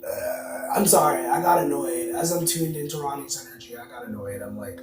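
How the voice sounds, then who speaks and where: A man's voice: fairly high pitch, fairly quick, few pauses. A man hosting a tarot reading livestream, chatting loosely and answering viewer comments aloud as he goes. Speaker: tarot card reader, livestream host. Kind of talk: casual livestream chat. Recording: roomy, distant mic, music behind. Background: music playing.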